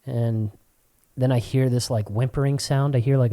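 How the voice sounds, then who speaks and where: A young man co-hosting a podcast, telling stories in casual chat with a lot of swearing and sudden high-pitched quoted voices. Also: fairly even intonation, moderate pace, warm tone. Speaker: podcast co-host.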